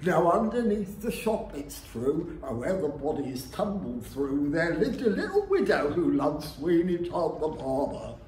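A man performing a comic music-hall song at a folk club, half singing and half speaking, with theatrical shouted outbursts. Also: fairly high pitch, big pitch swings, measured pace, hardly any pauses, slight background noise. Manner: theatrical, with sudden shouted interjections. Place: live folk club room. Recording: echoey room with faint ambience.

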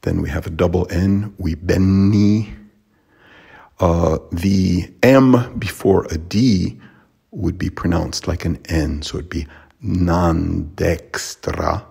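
A man teaching Latin pronunciation, slow and careful, pausing often with fillers. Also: sits low, creaky, warm tone, husky.

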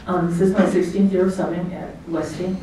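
Heard from a distance in an echoey hotel banquet hall, a middle-aged woman gives a chatty speech at her own party, where she's the guest of honor. Her lowish, mellow voice moves fairly quickly with little pitch variation; she tells anecdotes, laughs often, and mimics what others said. There's slight background noise.

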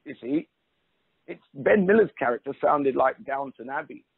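A man's voice: medium pitch, expressive, moderate pace, vocal fry, husky, no room sound. A middle-aged man talking as an interview guest, emphatic and chatty, restarting sentences and saying "you know" a lot. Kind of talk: casual conversational interview. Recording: narrow phone-like line.

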